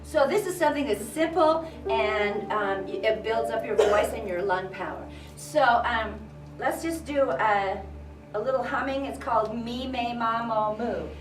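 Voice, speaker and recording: A woman's voice: fairly high pitch, measured pace. A woman leading a confidence and voice workshop, encouraging a crowded room of girls through breathing exercises. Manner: encouraging, leads group exercises, loud counting drills. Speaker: workshop coach. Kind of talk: live workshop talk to a group. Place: crowded room with a group standing. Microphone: far room recording. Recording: echoey room from a distance with music.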